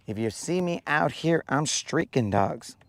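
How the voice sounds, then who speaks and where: A man's voice: fairly high pitch, animated, measured pace, gravelly. A man hosting a fishing livestream outdoors on a lake, joking in slang and greeting viewers by name. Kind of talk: casual live-stream chat.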